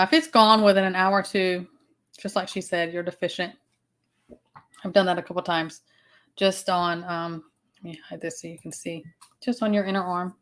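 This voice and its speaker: A woman's voice: lowish voice, a bit bright. A woman with a Southern US accent, hosting a casual livestream chat, rambling with fillers and restarts. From Southern United States. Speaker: livestream host.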